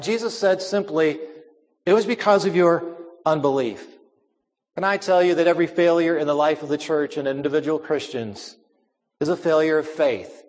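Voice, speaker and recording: A man's voice: a little high, in a large hall. A man preaching a sermon, earnest and emphatic, repeating his key phrases.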